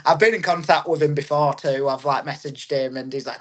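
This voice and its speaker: Thirtysomething guy on a podcast, kinda high voice, rambly, laughs a lot. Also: normal speed. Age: 30s. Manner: chatty, rambling, laughs often. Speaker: wrestler and promoter. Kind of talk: casual podcast chat.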